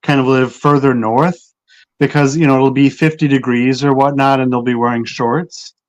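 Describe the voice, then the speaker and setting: A man with a Minnesotan accent hosting a casual interview, asking questions in a relaxed way with many fillers. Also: mid-range voice, normal speed, highs cut off.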